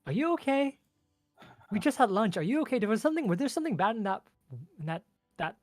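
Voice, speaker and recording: A man's voice: high voice, sing-song, fast talker, dry recording, soft background music, pitched above the performer's own voice. A man voicing a bossy young female ice fairy who is pushy and fires off exasperated questions. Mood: worried.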